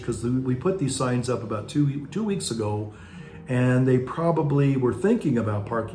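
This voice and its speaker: A parish priest with a medium-pitched, slightly mellow voice tells stories in a loose, reflective way, often starting over and drifting into asides. The recording has a roomy echo and faint music.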